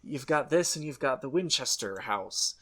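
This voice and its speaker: A man's voice: mid-range voice, lively intonation, moderate pace, a bit bright. A man co-hosting a horror podcast, chatting casually and rambling, correcting his own slips. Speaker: podcast co-host.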